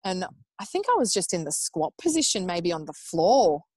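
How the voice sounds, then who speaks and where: An Australian woman in her thirties telling her own birth story in casual, animated talk, acting out what people said and swearing freely. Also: lowish voice, normal speed, slightly rough, no room sound. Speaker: podcast guest.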